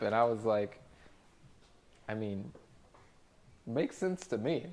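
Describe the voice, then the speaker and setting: A man's voice: on the low side, expressive, takes it slowly, long pauses, a little mellow. A man cooking on a livestream who talks to his chat and tells exasperated, profane stories about difficult restaurant customers. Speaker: restaurant cook streaming to chat. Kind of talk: casual livestream rant while cooking.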